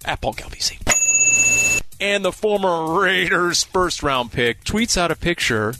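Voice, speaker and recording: A man's voice: high-pitched, animated, a little slow, very noisy. A man hosting sports talk radio, telling stories in a brash, jokey way.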